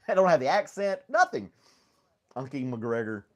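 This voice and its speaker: A man's voice: mid-range voice, lively intonation, a little slow, darkish tone. A man hosting a casual live stream from home, rambling easily, laughing often and greeting viewers by name. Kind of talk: casual chat with live chat readers.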